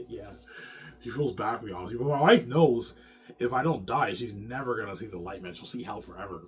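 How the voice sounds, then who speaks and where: A man's voice: lowish voice, a little fast, slightly rough. A man rambling in an agitated monologue to the camera, swearing often and repeating his words. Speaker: vlogger.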